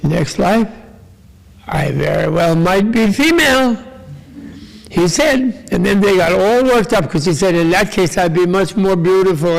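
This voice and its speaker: A man's voice: sits high, vocal fry, rough recording. An older man giving a casual, joking Buddhist teaching to a live audience, rambling with asides to the listeners.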